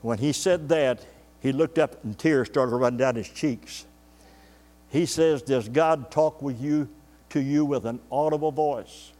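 A man's voice: on the high side, a little mellow. An older man preaching, telling a personal story in a folksy way and acting out the voices of the people in it. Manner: folksy, acts out quoted dialogue. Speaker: pastor. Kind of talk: sermon storytelling. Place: church sanctuary. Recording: long church reverb.

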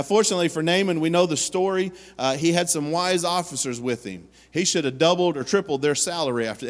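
A man preaching a sermon as pastor, speaking in an earnest storytelling manner and acting out the voices he quotes. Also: fairly high pitch. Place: church sanctuary. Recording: long hall reverb.

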